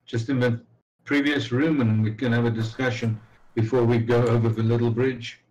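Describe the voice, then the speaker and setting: A man playing a tabletop game, calmly suggesting plans in casual chat, heard from a distant, noisy mic. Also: medium pitch, moderate pace. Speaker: player.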